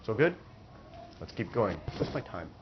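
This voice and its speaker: A man's voice: fairly low pitch, very animated, dull audio, noisy background. Man teaching Spanish to a class. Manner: explains slowly, repeats phrases for students. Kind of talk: classroom lesson.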